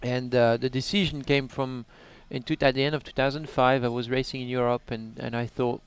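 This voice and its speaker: A man's voice: medium pitch, little pitch movement, a little fast, hardly any pauses, clear, resonant tone. A man, a racing driver chatting casually and laughing easily in an interview. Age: 30s. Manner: cheerful, laughs easily, short answers. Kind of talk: casual chat.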